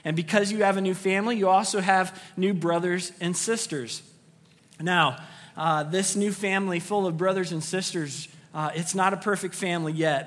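A man's voice: sits high, a bit bright, in a large hall. A man preaching a sermon to his congregation, earnest and emphatic, repeating key phrases for weight. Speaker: pastor. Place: church sanctuary.

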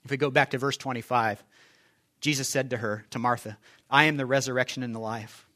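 A male pastor preaching a conversational sermon, asking rhetorical questions and swinging between loud and soft. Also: mid-range voice, fairly even intonation, fairly quick.

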